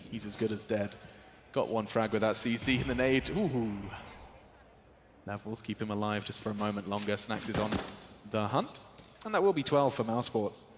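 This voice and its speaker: A man's voice: fairly low pitch, background noise. Man calling esports play. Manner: wry, quick, rises to loud shouts on big plays. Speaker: esports caster. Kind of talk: live play-by-play commentary. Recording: game gunfire and clicks behind.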